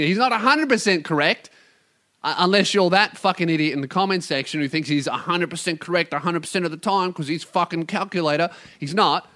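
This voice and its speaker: A man's voice: fairly high pitch, moderate pace. A young Australian man hosting a solo podcast, ranting casually and swearing a lot. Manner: profane, animated ranting. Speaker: podcast host.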